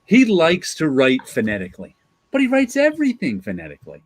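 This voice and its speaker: A man, a comic artist and co-host, chatting casually on a live show, animated and tripping over his words when worked up. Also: on the high side, brisk, husky.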